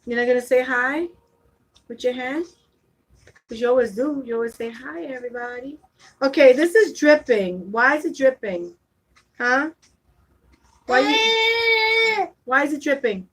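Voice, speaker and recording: High-voiced woman chatting to her baby. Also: expressive, a little slow, long pauses, fairly bright tone, low-quality recording. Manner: coaxing baby talk mixed with chatty asides to viewers. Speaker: vlogger and mother. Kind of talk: casual home vlog chat.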